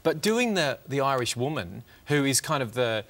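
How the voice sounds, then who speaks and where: A man's voice: medium pitch, very animated, moderate pace, fairly bright tone. A middle-aged man talks loosely and with self-deprecating humour. He wanders through his sentences with plenty of fillers and false starts. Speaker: comedian guest. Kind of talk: casual interview chat.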